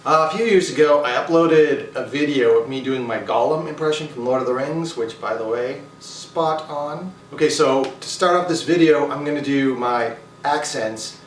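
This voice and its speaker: A man's voice: medium pitch, normal speed, few pauses. Canadian-raised guy, casual vlogger, self-deprecating; off-mic, roomy sound. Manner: chatty, self-deprecating, playful. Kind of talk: casual accent showcase. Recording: roomy, distant mic, faint noise.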